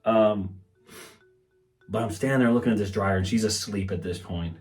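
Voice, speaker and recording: A man's voice: on the low side, normal speed, faint music behind. A young man hosting a comedy podcast, rambling through a profane monologue and acting out quotes in mocking voices. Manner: swears a lot, acts out quotes in raised mocking voices.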